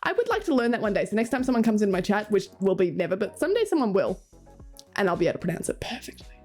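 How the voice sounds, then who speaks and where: A woman's voice: mid-range voice, very animated, very fast, darkish tone. A young Australian woman streaming, chatting casually with her viewers in a playful, rambling way. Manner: playful, rambling, laughs often, swears. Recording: faint music behind.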